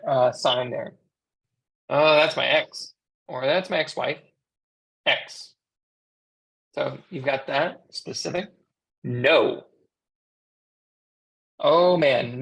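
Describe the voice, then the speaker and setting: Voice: medium pitch, vocal fry. An interpreter with an American accent voicing a sign language instructor in a class lecture, in a conversational teaching manner with rhetorical questions to the class.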